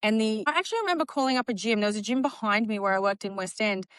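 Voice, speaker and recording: A woman in her late thirties or older, a guest telling her story in casual podcast chat, acting out quotes with a lively laugh. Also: mid-range voice, rapid-fire, clear, resonant tone, no room sound. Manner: animated, acts out quotes, laughs often. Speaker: guest, bodybuilding champion.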